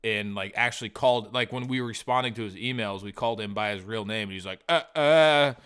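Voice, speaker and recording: A man's voice: fairly low pitch, flat delivery, fast, fairly bright tone, smooth. A man co-hosting a podcast, chatting casually, rambling, swearing often and acting out old conversations. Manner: rambling, swears a lot, acts out past conversations. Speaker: podcast co-host. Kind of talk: casual chat.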